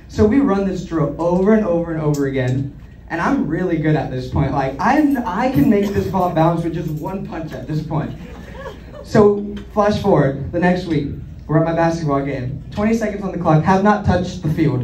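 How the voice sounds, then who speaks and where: A man's voice: fairly high pitch, moderate pace, slight background noise. A young man in his twenties telling self-deprecating stand-up stories on a comedy club stage. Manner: self-deprecating, animated storyteller. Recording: echoey club, distant, crowd laughter. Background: audience laughter.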